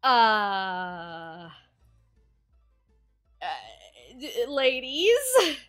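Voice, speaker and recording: High bright young woman streamer, swears a lot, super bouncy voice, faint game music behind. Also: extremely slow. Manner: excitable, profane, reacts loudly. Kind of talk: game playthrough, reading dialogue aloud.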